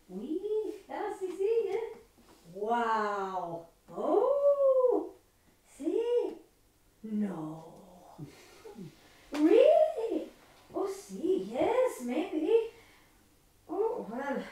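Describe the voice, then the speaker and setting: A woman playing a lively Spanish immigrant woman. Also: sits high, far from the mic, slight background noise, heavily acted. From Spain. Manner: animated storyteller, laughs often, playful. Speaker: stage performer. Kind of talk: one-woman theatre monologue. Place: theatre stage. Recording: roomy stage sound from afar, faint music.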